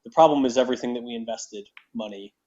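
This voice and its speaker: A man co-hosts a casual sports chat in an ordinary middle-pitched voice. He is dry and steady and keeps steering the talk back on course. The recording sounds slightly muffled. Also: fast talker. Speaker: podcast co-host.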